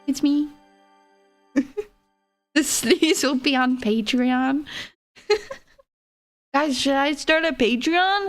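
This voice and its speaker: A woman's voice: high-pitched, moderate pace, soft background music. A woman livestreamer chatting casually with viewers in a giggly, playful and teasing way.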